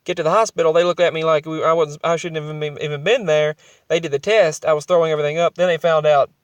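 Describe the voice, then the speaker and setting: A man's voice: a little high, steady tone, fast, clear, resonant tone, dry recording. A young adult man telling his own story in a vlog, rambling and emotional, often restarting his sentences.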